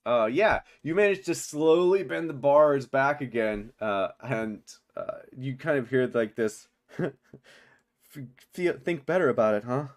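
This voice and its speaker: A man's voice: medium pitch, expressive, measured pace. A man narrating as game master of a tabletop game, laughing often and rambling through fillers.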